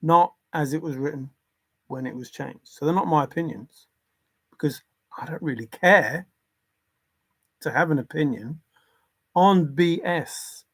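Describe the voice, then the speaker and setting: A man's voice: on the high side, measured pace, long pauses, slightly rough. A man hosting a casual livestream, talking earnestly and insistently about religion and reading viewer comments aloud. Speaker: livestream host.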